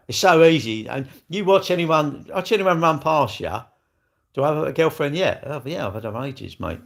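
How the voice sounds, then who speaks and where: A man's voice: medium pitch, gravelly, fairly bright tone. Blunt older man livestreaming. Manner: blunt, argumentative, swears freely. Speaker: livestream host. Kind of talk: casual livestream chat.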